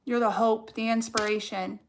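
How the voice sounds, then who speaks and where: A woman's voice: a little high, flat delivery, moderate pace, a little hiss or hum. A young adult woman giving a casual tarot card reading, blunt and fired up, swearing heavily as she talks.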